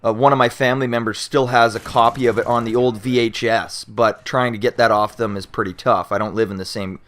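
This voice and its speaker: A young man from Canada casually telling a story to his viewers, animated and swearing freely, with plenty of fillers and restarts. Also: medium pitch, a little fast. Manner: animated, acts out shouting cops and panicked friends. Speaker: YouTuber answering viewer questions.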